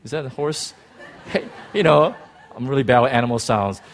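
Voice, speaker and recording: A man preaching a sermon in an animated, rambling way, with self-deprecating asides, speaking to a church congregation. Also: medium pitch, moderate pace. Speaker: pastor.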